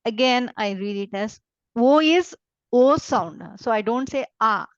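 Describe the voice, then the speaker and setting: A woman with an Indian English accent teaching a beginners' German lesson, patiently repeating each word slowly. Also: fairly high pitch, animated, smooth, no room sound. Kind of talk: slow online language lesson. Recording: dull lo-fi dry sound.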